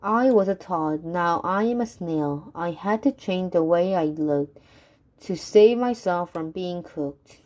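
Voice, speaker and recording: A woman's voice: lowish voice, slow, darkish tone. A woman voicing a serene, confident male giant snail in a storybook reading, cool and composed.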